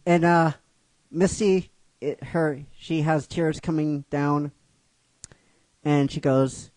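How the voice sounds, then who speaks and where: A man's voice: medium pitch, takes it slowly, long pauses, no echo. A man casually retelling his own fan script, rambling and repeating himself, and often asking "right?" as he goes. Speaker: fan script writer and narrator.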